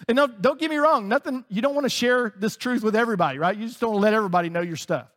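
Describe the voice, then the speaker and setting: A high-pitched man preaches in a loose, conversational way, often laughing between his points. His voice carries a long reverb, as if recorded in a large hall. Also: lively intonation, racing, a bit bright. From United States. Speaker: pastor. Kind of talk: sermon.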